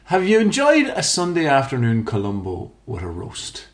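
A man's voice: mid-range voice, wildly swooping pitch, moderate pace. A man in casual podcast chat, rambling, swearing and laughing often.

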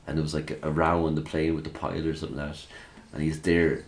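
A man's voice: extremely low pitch, flat delivery, fast, slight background noise. A man in casual chat, laughing often and acting out quotes as he tells stories.

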